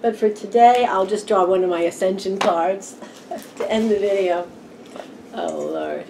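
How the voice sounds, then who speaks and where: A woman's voice: medium pitch, moderate pace, background noise. A woman hosting her own tarot vlog from home, chatting casually, rambling and laughing easily. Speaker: tarot channel host. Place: home room with a fan running.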